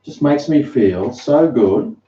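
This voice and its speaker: An Australian man rambles through stories for his live-stream viewers, his pitch rising and falling a lot. The sound is roomy and a little dull, like a home kitchen on a basic mic. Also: animated, takes it slowly, warm tone. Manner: rambling, chatty storytelling. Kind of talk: casual live-stream chat.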